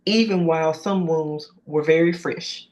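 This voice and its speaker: Woman podcast host, very low voice, affirming and encouraging. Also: measured pace, a little mellow. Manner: affirming, thanks the guest and backchannels often. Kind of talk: interview host.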